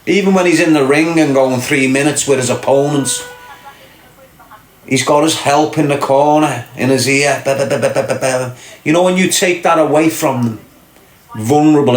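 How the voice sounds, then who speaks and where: A man's voice: medium pitch, moderate pace, roomy sound. A man hosting a casual livestream, answering chat comments with brash, sweary, mocking banter.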